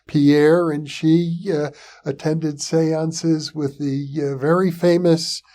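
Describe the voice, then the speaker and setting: An older man hosting an interview, speaking in a calm, measured way with learned remarks. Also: fairly high pitch. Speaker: interview host. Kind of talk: interview conversation.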